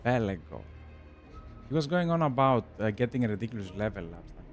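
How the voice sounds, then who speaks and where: A man's voice: fairly low pitch, sing-song, a little fast. Man, Greek accent, young adult, game streamer, casual chat, laughs often, faint background music. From Greece. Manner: chatty, laughs often, addresses chat as "bro". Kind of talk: casual chat while gaming.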